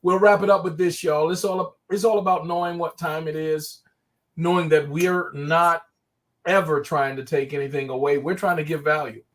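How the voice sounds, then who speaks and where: Male pastor host, slightly high voice, affirming and upbeat. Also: steady tone, normal speed. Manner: affirming, encouraging. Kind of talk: hosting a live call.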